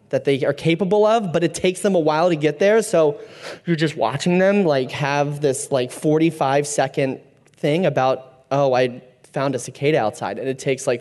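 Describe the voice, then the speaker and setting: A man's voice: fairly high pitch, a little mellow. Rambling man leading a church talk. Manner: rambling, many fillers and restarts. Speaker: church group leader. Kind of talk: casual faith talk to a group.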